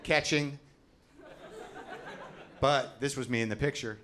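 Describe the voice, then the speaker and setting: A man's voice: mid-range voice, fairly even intonation, takes it slowly, very noisy. Self-deprecating stand-up comedian, man. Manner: conversational, self-deprecating, acts out voices. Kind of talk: stand-up routine. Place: comedy stage. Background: audience laughter.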